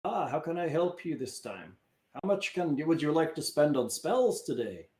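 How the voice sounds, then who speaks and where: Man voicing a brisk oily tinkerer woman. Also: fairly high pitch, sing-song, darkish tone, reverberant, slight background noise. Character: grimy female tinkerer shopkeeper, brisk hustler.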